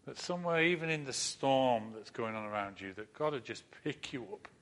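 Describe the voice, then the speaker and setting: A man preaching a sermon in an earnest manner, repeating phrases and dropping to a soft, comforting tone. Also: medium pitch, expressive, normal speed. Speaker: pastor.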